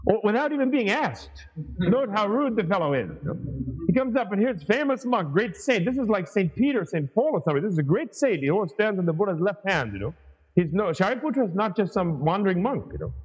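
A man with a somewhat high, husky voice gives a teaching talk, telling stories with lots of casual asides. His voice carries a long reverb tail. The sound is dull and lo-fi. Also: fast talker. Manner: lively storyteller, chatty asides with "you know". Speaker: Buddhist studies professor and podcast host. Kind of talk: teaching talk, reading and explaining a sutra.

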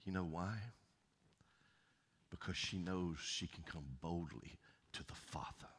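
A middle-aged man with a Southern accent preaching a folksy sermon, swinging from loud calls to soft near-whispers. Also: sits low, slow, husky. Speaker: pastor. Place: church sanctuary. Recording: long church reverb.

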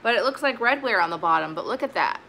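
A chatty woman talks through her thrift finds in an easy, rambling way, full of fillers and restarts. Her voice is bright and forward, with a faint hiss in the background. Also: a little high, expressive, fast talker. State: sweaty, warm. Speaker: vintage reseller. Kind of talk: casual haul video chat.

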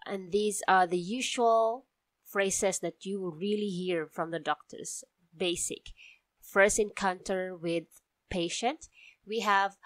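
A woman's voice: mid-range voice, steady tone, slow pace, a bit bright, no room sound. A woman with a Cebuano accent, a native speaker teaching her language in a casual online lesson. She explains patiently, step by step, with frequent ums. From Cebu, Philippines.

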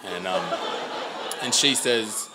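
A man with an Australian accent telling a live personal story, animated and exasperated, swearing and acting out dialogue. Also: fairly low pitch, slow pace, a crowd in the background, background noise.

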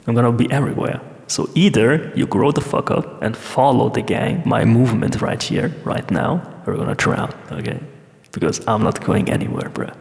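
A man's voice: medium pitch, animated, moderate pace, creaky, darkish tone. A young man from Austria, answering fan questions in a brash, cocky, profane and joking way. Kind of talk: casual Q&A vlog.

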